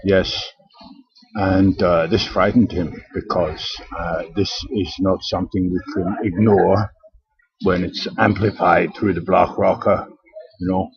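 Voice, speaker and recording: A man's voice: low-pitched, fairly even intonation, slow pace, gravelly, crowd noise. An older man from Britain, talking in a rambling, aggrieved monologue full of hesitations and restarts. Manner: digressive, aggrieved, with frequent hesitations. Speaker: vlogger. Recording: dull lo-fi recording.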